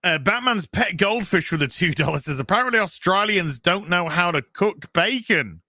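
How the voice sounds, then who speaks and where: Brief: male streamer, animated reading of chat donations, bright tone, dry mic. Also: high voice, moderate pace, no echo. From England. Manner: animated, chatty, reads donor messages aloud. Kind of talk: casual live stream chat.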